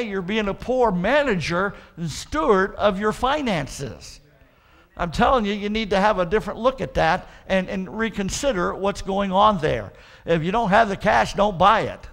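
A pastor gives an earnest sermon in a high, creaky voice. He frequently restarts by repeating words and builds into loud, emphatic warnings.

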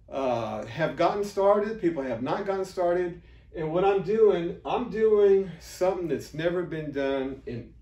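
A fairly high-voiced man talks off the cuff in an unscripted marketing vlog. He rambles, restarts his sentences and turns blunt when he gives his pep talk. The mic sits back from him in a roomy space. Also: a little mellow, distant mic. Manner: rambling, full of fillers and restarts. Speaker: affiliate marketer.

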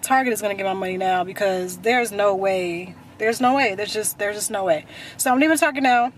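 A woman's voice: mid-range voice, fast talker, a little hiss or hum. A young woman vlogging casually, chatty and repetitive, talking straight to her viewers. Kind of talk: casual chat to camera.

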